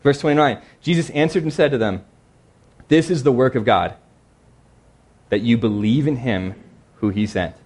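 A man preaching a sermon in a conversational, earnest way, slowing down to read scripture verses. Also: medium pitch, darkish tone, slightly rough.

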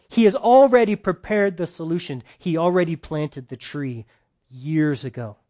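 Chatty preacher, a man with a slightly high voice. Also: normal speed. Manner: chatty, asks listeners questions, swings between loud and soft. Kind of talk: conversational sermon.

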